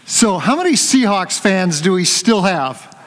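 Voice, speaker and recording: An older man preaching a conversational sermon, telling a lively story and joking with his congregation. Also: high voice, unhurried, in a large hall, slight background noise. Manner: animated storytelling, jokes with the congregation.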